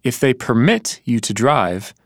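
A man's voice: medium pitch, sing-song, measured pace, dry recording, studio quality. A man in a scripted teaching dialogue who answers questions and explains examples in turn. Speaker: co-presenter.

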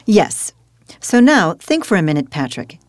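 Lively woman quizzing in a lesson. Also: lowish voice, measured pace, dry recording, studio quality. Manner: quizzing, leading with questions. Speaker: teacher. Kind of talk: scripted teaching dialogue.

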